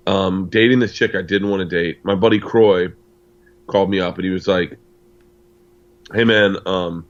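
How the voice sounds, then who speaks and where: A man's voice: low voice, steady tone, normal speed, dull audio. A middle-aged man from the United States, a comedian guest telling a long personal story and acting out the dialogue. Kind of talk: storytelling in casual interview.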